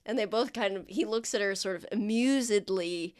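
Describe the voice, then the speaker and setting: A woman's voice: mid-range voice, normal speed, clean tone. Woman game master, rambling, giggly narration. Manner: rambling, filler-heavy, giggly.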